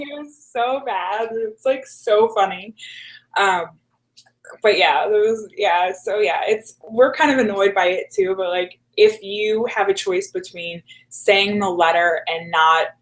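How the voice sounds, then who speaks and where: A woman's voice: medium pitch, takes it slowly, poor audio. A woman telling stories in a casual interview, chatty and full of "like" fillers. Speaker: guest. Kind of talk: casual storytelling chat.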